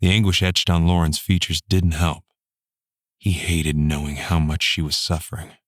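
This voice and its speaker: A male audiobook narrator reading in a steady, measured way. His voice is deep and the sound is dry and close, with no room around it. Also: no room sound. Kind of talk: scripted narration.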